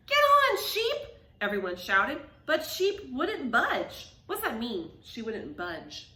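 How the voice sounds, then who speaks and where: A woman reading a picture book aloud to children, animated and asking them questions. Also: on the high side, takes it slowly, roomy sound. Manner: animated, asks the listeners questions. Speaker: reader to children.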